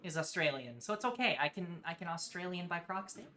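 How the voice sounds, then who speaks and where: A woman streamer chats casually during a game, playful and profane, in a low, deep voice. She laughs often. A faint hiss of noise sits behind her. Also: animated, a little fast, a bit bright. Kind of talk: casual gaming stream chat.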